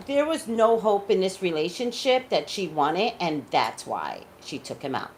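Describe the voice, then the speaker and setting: A chatty woman with a fairly low voice that swings widely up and down as she talks. She is a psychic tarot reader speaking casually and emphatically to her viewers, saying "like" often. A faint hiss of background noise sits under her voice. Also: slow, poor audio. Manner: chatty, animated, says "like" a lot. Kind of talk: casual chat to camera.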